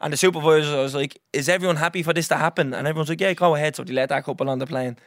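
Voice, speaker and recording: A young Irish man hosting a podcast, telling a story in a lively, swearing, casual way and acting out what others said. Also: on the high side, rapid-fire, dry recording, studio quality. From Ireland. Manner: animated, swears freely, acts out others' lines. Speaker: podcast host.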